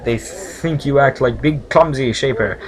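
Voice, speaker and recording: A man voicing a rough, dirty male servile who speaks in choppy broken grammar. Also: mid-range voice, measured pace, a crowd in the background, natural voice. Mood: earnest.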